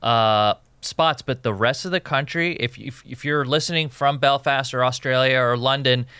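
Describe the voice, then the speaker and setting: Guy podcast cohost, bright crisp voice, dry studio sound, riffing and swearing. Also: medium pitch, moderate pace, no room sound. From Jordan. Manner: joking, rambling, swears freely. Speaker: podcast co-host. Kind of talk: casual podcast banter, reading listener emails. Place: recording studio in Los Angeles.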